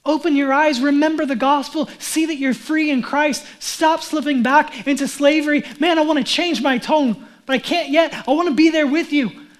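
A man's voice: extremely high pitch, steady tone, normal speed, voice pushed up. A man acting out an impassioned apostle who pleads with his followers in an urgent, emphatic way.

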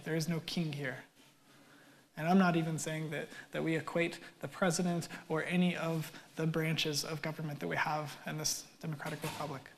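A male pastor delivering a sermon in a conversational way. He drops in dry, wry asides. His voice climbs and grows loud in places, then sinks almost to a whisper. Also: fairly high pitch.

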